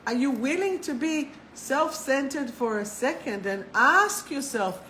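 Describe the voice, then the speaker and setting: A woman hosting a live spiritual talk, chatty and animated, swearing casually and laughing at herself. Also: high-pitched, measured pace, a little hiss or hum, low-quality recording. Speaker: spiritual coach and live show host.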